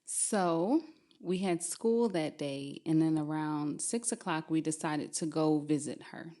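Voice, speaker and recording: A young adult woman telling a true spooky story on a podcast, lively and often laughing as she talks. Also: low voice, unhurried.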